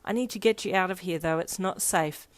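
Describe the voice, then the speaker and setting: A woman's voice: on the low side, fairly quick, dry recording, natural voice. A woman voicing a loyal, brave teenage boy hero who talks earnestly and protectively in a storybook reading. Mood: tender.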